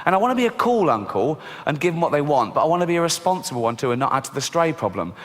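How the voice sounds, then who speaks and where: Deadpan man doing stand-up in a hall. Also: rapid-fire. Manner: deadpan, swearing, mimics squeaky child voices. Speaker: stand-up comedian. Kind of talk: stand-up comedy routine. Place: large theatre stage. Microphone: stage microphone. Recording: live show recording with long hall reverb and faint background noise. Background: live audience laughter.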